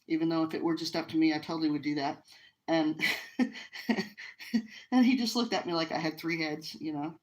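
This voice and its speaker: A middle-aged woman from the United States talks with a low, deep voice. She tells a personal story casually and earnestly, with emotion and frequent restarts. She is hosting a live stream from home by the fire. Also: steady tone, normal speed, long pauses, darkish tone, low-quality recording. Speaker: livestream host.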